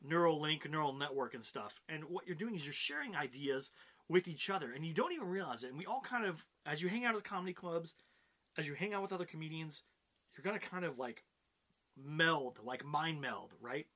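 A man hosting his own comedy-business show, chatting straight to his viewers. His voice sits a touch high for a man and rings bright and forward. He keeps checking in with the audience with quick "right?" and "you know" tags. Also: expressive. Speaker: host of a show about comedy. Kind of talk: casual talking-head explainer.

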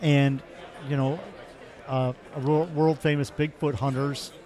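A man's voice: medium pitch, flat delivery, measured pace, a little mellow, a faint crowd. A man hosting a casual chat, easygoing and agreeing with his guest. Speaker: host.

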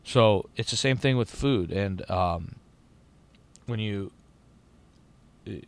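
A man's voice: lowish voice, takes it slowly. A middle-aged man in casual chat as a podcast host, rambling and profane with lots of restarts.

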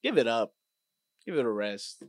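A man hosting a podcast, ranting casually and profanely, dropping to mutters and then bursting out loud. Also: mid-range voice, big pitch swings, moderate pace, dry recording, studio quality. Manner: profane, swings between mutters and loud outbursts. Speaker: podcast host. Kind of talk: casual rant monologue.

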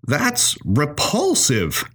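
A man's voice: a little high, wildly swooping pitch, drawn-out words, fairly bright tone, husky, pitched above the performer's own voice, exaggerated voice. A man voicing a smug, scornful young male student who scoffs in disbelief. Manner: scoffing, incredulous. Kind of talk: storytelling acting.

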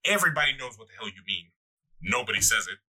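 A young man co-hosting a podcast, telling a long profane story in a rambling, animated way. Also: fairly low pitch, fast talker, breathy edge, low-quality recording. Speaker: podcast co-host. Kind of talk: casual storytelling chat.

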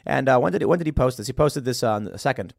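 A man's voice: mid-range voice, lively intonation, fast talker, gravelly, no echo, studio quality. Sarcastic man hosting commentary. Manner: sarcastic, stumbles over words. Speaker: podcast host. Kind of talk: political commentary, reading news aloud.

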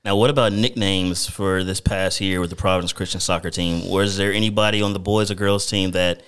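Smooth low-voiced male sports show host. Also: fairly even intonation, brisk, a bit bright. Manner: friendly, calls the guest "man". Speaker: radio show host interviewing a student athlete. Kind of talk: casual sports interview.

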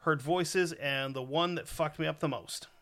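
A man's voice: a little high, moderate pace, fairly bright tone. A man hosting a casual podcast, reading out a listener's story in a crude, profane, joking way.

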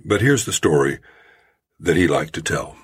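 A man hosting his own storytelling podcast, talking in a measured, folksy way. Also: extremely low pitch, animated, husky. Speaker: podcast host. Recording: home-made podcast audio.

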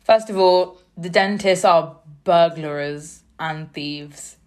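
A woman co-hosting a casual radio chat, chatty and animated, laughing often. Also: lowish voice, slow. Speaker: radio co-host.

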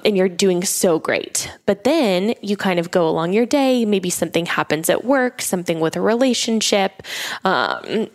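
A woman co-hosting a casual coaching podcast, talking in an upbeat, chatty way. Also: mid-range voice.

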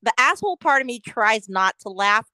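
Podcast co-host, woman, forties, high voice, casual and profane. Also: very animated, normal speed, pushed and bright, smooth, no room sound, rough recording. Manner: profane, giggly. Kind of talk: casual chat.

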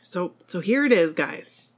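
A woman co-hosting a podcast who is losing her voice, explaining things in a relaxed, casual way. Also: on the low side, a little slow. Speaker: podcast co-host. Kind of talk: casual chat.

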